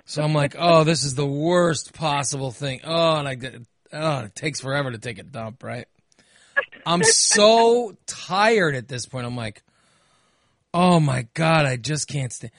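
A man's voice: on the high side, a little slow, no echo. Exhausted man telling a story, dry sound. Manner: animated, swears, acts out his own quotes. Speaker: podcast host. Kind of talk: casual storytelling chat.

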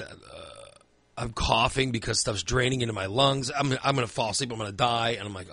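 Bright, rambling man telling a story. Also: mid-range voice, a little fast, dry recording. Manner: rambling storyteller, filler-heavy, swears freely. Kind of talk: casual chat.

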